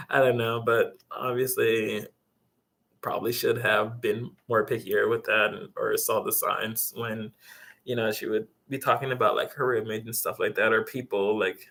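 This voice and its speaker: A man's voice: mid-range voice, unhurried, vocal fry, fairly bright tone. Young guy rambling thru a storytime vlog, lots of likes and ums, kinda exasperated. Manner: rambling, filler-heavy, exasperated retelling. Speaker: vlogger. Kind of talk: casual storytime.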